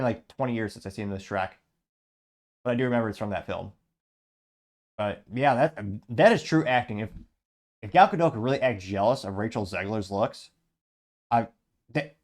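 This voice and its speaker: A man hosting a show in casual commentary, reading viewer comments aloud with sarcastic asides and frequent laughs. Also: medium pitch. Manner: sarcastic, laughs often, restarts. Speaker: host.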